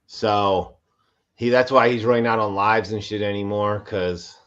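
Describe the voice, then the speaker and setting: A man's voice: lowish voice, little pitch movement, measured pace, fairly bright tone, slight background noise. A man from Pennsylvania telling laid-back, profane stories in a casual livestream chat. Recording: dull lo-fi audio.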